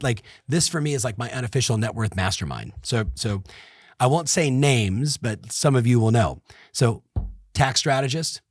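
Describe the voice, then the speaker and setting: A middle-aged man hosting a podcast, giving an energetic motivational business talk that repeats points and speaks straight to listeners. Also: mid-range voice, no echo, studio quality. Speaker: podcast host and business coach.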